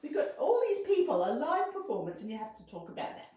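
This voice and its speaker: A woman hosting a live children's music show from her garage, coaxing and gentle, her voice a little strained. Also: sits high, very animated, quick pace. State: losing her voice. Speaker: children's singer-songwriter. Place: home garage. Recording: echoey garage from far off.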